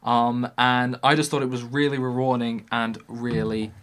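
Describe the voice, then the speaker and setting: A young man co-hosting a casual film chat, speaking in an earnest, measured way. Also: medium pitch, level tone, fairly bright tone. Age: young adult. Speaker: co-host.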